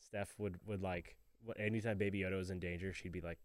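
A man with a very deep voice talks casually on a podcast, easygoing and agreeable. The sound is dry, close to the mic. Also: steady tone, quick pace, dry recording. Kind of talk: casual chat.

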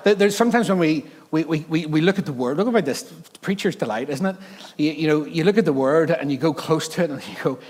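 A man preaching a sermon, telling funny stories in an animated, jokey way and interrupting himself often. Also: on the high side, fast talker, big-room sound. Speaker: pastor. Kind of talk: sermon with humorous storytelling.

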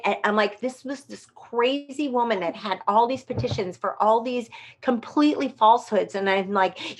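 A woman telling a story in casual conversation, animated and acting out the voices of the people she quotes. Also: medium pitch, moderate pace, breathy edge. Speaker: guest performer.

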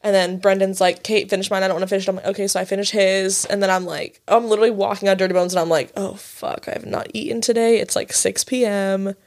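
A woman's voice: mid-range voice, steady tone, darkish tone. A woman in her twenties co-hosting a podcast, telling a night-out story in casual, profane chat, laughing and saying "like" often. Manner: fast, profane, laughing, filler-heavy "like". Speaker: podcast co-host.

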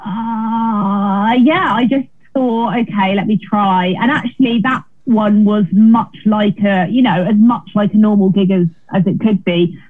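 A woman's voice: medium pitch, fairly even intonation, a little slow, few pauses. A woman comedian chatting as an interview guest, self-deprecating and full of restarts, heard over a remote call. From Britain. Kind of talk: casual interview chat. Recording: tinny phone-like remote line.

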